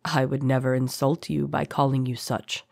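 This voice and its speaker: For a fantasy audiobook, a woman voices a deep-voiced male rebel leader in a full, animated character performance. He speaks low, quietly, and slowly, soft-spoken, smooth, and courteous yet coldly threatening, with an eerily calm mood. The recording is dry and close, with no echo.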